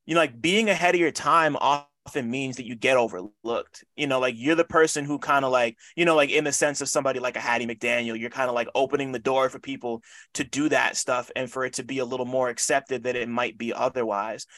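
A man's voice: mid-range voice, steady tone, a little fast, hardly any pauses, a bit bright, no echo. A man interviewing a guest in a casual chat, rambling through his questions with many filler words.

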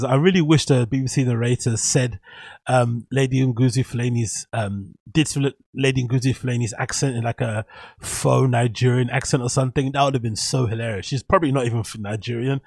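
A man rambles through opinionated takes on his solo podcast, swearing casually. His voice is gravelly and husky, sitting in a middle range. The room around him is dry. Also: medium pitch, no room sound. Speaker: podcast host.

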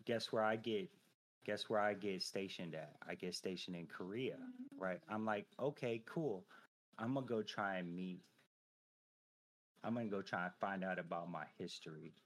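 Low-voiced man telling a casual story. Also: moderate pace. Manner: profane, animated storytelling with frequent filler phrases. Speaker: podcast guest, army veteran.

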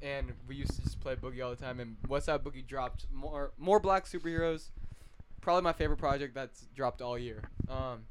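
A man's voice: mid-range voice, brisk, noisy background. A young man co-hosting a casual podcast, laughing and hyping up songs as they play. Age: young adult. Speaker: podcast co-host. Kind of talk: casual chat. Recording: music playing in the background.

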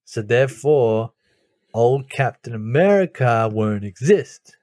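A man co-hosting a podcast in casual chat, laying out a theory step by step in a measured way. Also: medium pitch, animated, darkish tone, no echo, clean studio sound. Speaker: podcast co-host.

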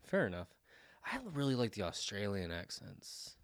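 A man's voice: on the low side, expressive, normal speed, gravelly, no echo. A man co-hosting a podcast, chiming in casually with dry, agreeable remarks. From United States. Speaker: podcast co-host. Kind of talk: casual chat.

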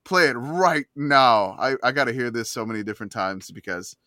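A man's voice: mid-range voice, lively intonation, moderate pace, pushed and bright, dry recording, studio quality. A man co-hosting a casual sports podcast, rambling with many restarts. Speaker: podcast co-host.

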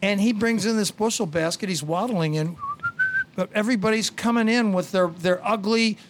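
A man's voice: sits high, moderate pace, noisy background. A man hosting a casual radio garden show, telling rambling stories with blunt asides.

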